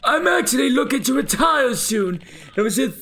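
A man voicing an old male master tattooist in a slow, gravelly grandpa voice while reading game dialogue. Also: very high voice, very animated, bright, forceful tone, slight background noise, full character voice.

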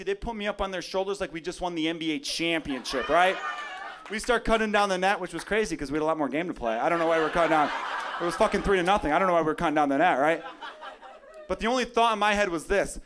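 A male stand-up comedian works a club crowd, telling profane stories and acting out other people in loud, punchy bursts. His voice sits a bit high for a man. He speaks into a handheld stage mic. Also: fast talker, background noise. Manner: profane, animated storytelling with loud acted-out quotes.

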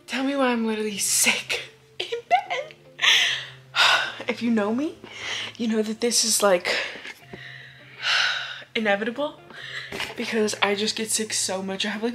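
This is a woman in her twenties from Hawaii with a mid-range, fairly bright voice. She vlogs casually to camera, speaking frankly, using lots of fillers and swearing easily.

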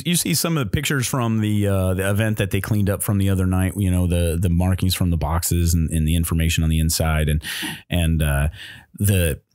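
Low-voiced man narrating as game master. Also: a little mellow, no echo, studio quality. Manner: descriptive, hesitant with many fillers. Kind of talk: narrating a tabletop role-playing game.

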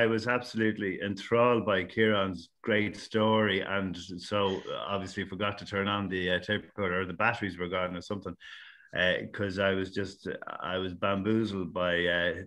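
A low-pitched man with a Cavan Irish accent speaks over a video call, with a bright, forceful tone. He talks haltingly, full of ums and restarts, as a director fielding questions. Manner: hesitant, many ums and restarts. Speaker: film director guest.

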